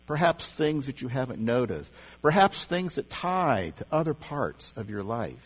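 A man's voice: mid-range voice, sing-song, moderate pace, husky. A man giving a conversational sermon in a church, often repeating words and restarting phrases as he teaches. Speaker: pastor or teacher leading a service. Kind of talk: sermon on meditation. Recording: dull lo-fi sound with long hall reverb and mains hum.

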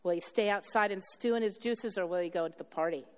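A woman's voice: mid-range voice, fast, smooth. A woman pastor delivering a sermon, retelling a story with acted dialogue and questions to her congregation. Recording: long hall reverb.

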